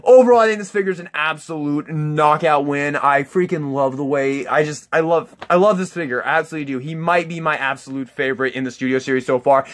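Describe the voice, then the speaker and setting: A man's voice: fairly high pitch, fairly bright tone. A man hosting a casual toy review, enthusiastic and rambling, with a lot of restarts and some casual swearing.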